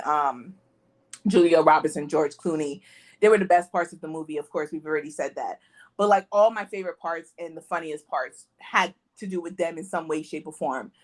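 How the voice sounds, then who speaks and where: A woman co-hosting a casual movie review podcast, animatedly retelling scenes, acting out quotes and laughing often. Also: fairly low pitch. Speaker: podcast co-host.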